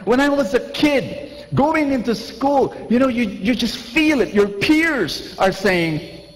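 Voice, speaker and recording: A man in his forties preaching a lively sermon, asking his listeners questions and acting out scenes. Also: extremely high pitch, takes it slowly. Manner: lively, asks the crowd questions, acts out scenes. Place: large church. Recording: long church reverb.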